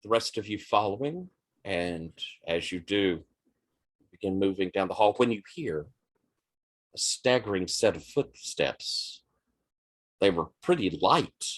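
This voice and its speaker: A man narrates a tabletop role-playing session in a relaxed, conversational way. His voice sits somewhat low, and he sets each scene before turning it over to the players. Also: a little slow, long pauses. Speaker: game master.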